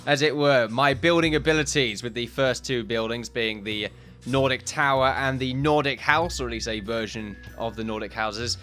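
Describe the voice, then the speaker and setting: A man chats through his gaming video in a loose, rambling way, often correcting himself and laughing. He sounds a little out of breath, and his voice sits in an ordinary middle range. Soft guitar music plays faintly underneath. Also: medium pitch. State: slightly out of breath. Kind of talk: casual commentary over a time-lapse.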